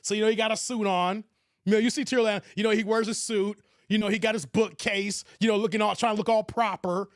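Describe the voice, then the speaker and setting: Brief: animated livestream host, laughing, relaxed chat, voice on the high side. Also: male voice, fast, no room sound, studio quality.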